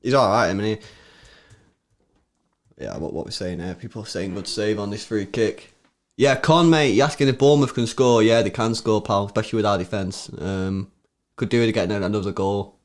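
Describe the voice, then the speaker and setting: A young man co-hosting a live football watchalong, chatting casually in slang and rising sharply when excited. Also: on the low side, normal speed. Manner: laid-back slangy banter, rises sharply when excited. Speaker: watchalong co-host. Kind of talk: casual live-stream chat.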